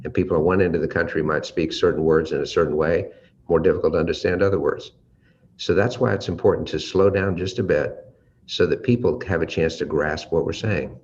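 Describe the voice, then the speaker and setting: An American man giving a leadership lesson on using the voice, shifting his volume and pace to demonstrate and stretching out his pauses. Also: sits low, steady tone, darkish tone. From United States. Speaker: leadership trainer. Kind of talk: teaching talk with vocal demonstrations. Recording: slightly dull audio with faint ambient noise.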